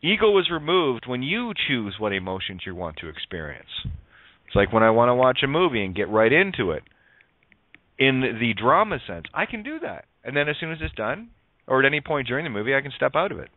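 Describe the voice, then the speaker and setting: Male radio host, preachy and sarcastic, swears, animated voice on a dry phone line. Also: medium pitch, fairly quick, no echo. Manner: emphatic, sarcastic, preachy, swears, plays on words. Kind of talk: spiritual monologue on a talk radio show.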